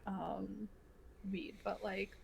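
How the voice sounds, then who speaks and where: A woman's voice: medium pitch, steady tone, extremely slow, vocal fry, a little hiss or hum. A woman co-hosting a podcast in casual chat, rambling with many fillers and restarts. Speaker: podcast co-host.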